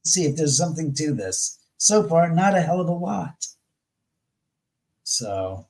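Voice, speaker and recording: Unhurried yet blunt, a middle-aged man with a higher-leaning voice swears his way through casual conversation as a guest. He brings quoted voices to life as he talks, and the audio is rough.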